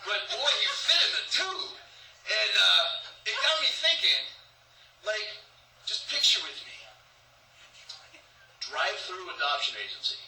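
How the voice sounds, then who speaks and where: A male comedian works a live room, with a voice that sits high and rings bright and edgy. He rambles from one bit to the next and drops into short put-on voices. The mic sounds distant, with a lot of echo around him. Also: big pitch swings, measured pace, creaky, pauses often, a little hiss or hum. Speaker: stand-up comedian. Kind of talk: live stand-up set. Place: comedy club stage.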